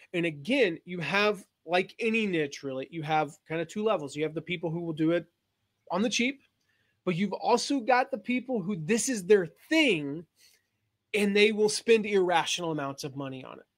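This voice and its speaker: A man hosting a casual webinar, rambling with lots of fillers and laughing at himself. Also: high-pitched. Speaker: host.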